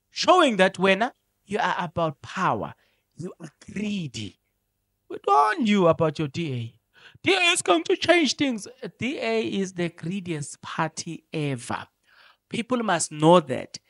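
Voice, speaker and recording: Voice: mid-range voice, expressive, moderate pace, no echo. Fired-up South African commentator hammering points home, close and dry on the mic. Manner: emphatic, repetitive, switching into isiZulu. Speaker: political commentator. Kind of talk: unscripted commentary monologue.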